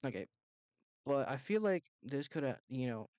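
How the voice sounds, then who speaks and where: A man's voice: medium pitch, sing-song, normal speed, a little mellow, clean tone, dry recording. Young man, casual reaction commentary, profane, rambling, laughs a lot, dead dry close mic. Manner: rambling, profane, laughs often, heated bursts.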